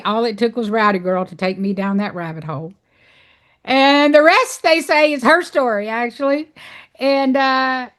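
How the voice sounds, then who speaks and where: Brief: woman guest, fairly high voice, heartfelt personal storytelling, loose and rambling. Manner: earnest, heartfelt, many fillers and restarts. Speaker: podcast guest, animal sanctuary founder.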